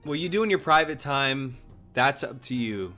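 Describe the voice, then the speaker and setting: Hoarse, lively young man streamer. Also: mid-range voice, moderate pace, faint music behind. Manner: lively, chatty, jokey. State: hoarse, coughing. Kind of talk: casual chat while gaming.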